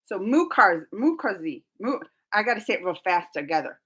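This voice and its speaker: A woman's voice: on the high side, big pitch swings, slow, long pauses, bright, forceful tone, breathy edge. A young woman hosting a casual live stream, chatting and giggling as she reads out viewer comments. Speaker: reaction channel host.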